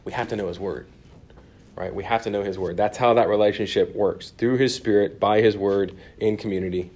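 A man's voice: on the low side, steady tone, a little fast, darkish tone. Man teaching a church Bible class. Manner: conversational, asks the class questions, many ums and restarts.

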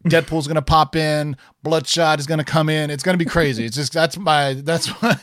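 A man's voice: on the high side, fairly even intonation, moderate pace, fairly bright tone. A man co-hosting a casual chat, enthusiastic and rambling, full of fillers and restarts. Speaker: podcast co-host.

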